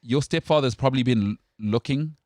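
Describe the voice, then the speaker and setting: A man's voice: medium pitch, fairly quick, a little mellow, dry recording. A South African man hosting a sports talk show, opinionated and teasing in casual studio banter.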